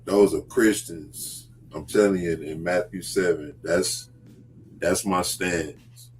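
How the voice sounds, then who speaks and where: A man hosting a casual talk show about faith, speaking earnestly and deliberately. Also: sits low, fairly even intonation, a little mellow, a little hiss or hum. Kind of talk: casual religious discussion.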